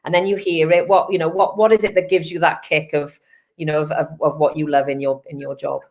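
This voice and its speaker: Low-voiced, fast-talking woman interviewer. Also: flat delivery. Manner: eager, repeats words while asking. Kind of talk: casual interview chat.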